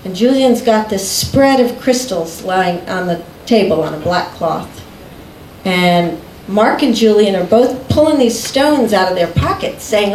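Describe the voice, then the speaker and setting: A woman telling a personal story in conversation, unhurried and often breaking into laughter. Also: medium pitch, animated, darkish tone, a little hiss or hum. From United States. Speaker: guest recounting a personal story. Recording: echoey room.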